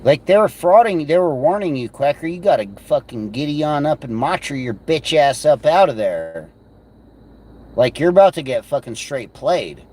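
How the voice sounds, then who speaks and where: A man's voice: fairly high pitch, expressive, normal speed, darkish tone, a little hiss or hum. A man hosting a livestream, ranting in a rambling, profane, mocking way. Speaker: livestream host. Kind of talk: profane casual livestream rant. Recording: clear music playing behind.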